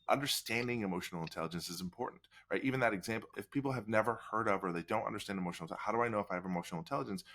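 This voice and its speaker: Deep-voiced, fast-talking man explaining. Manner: energetic, talks in long explaining runs with frequent "like" and "right?". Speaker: guest expert on workplace culture. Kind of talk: explanatory interview answers.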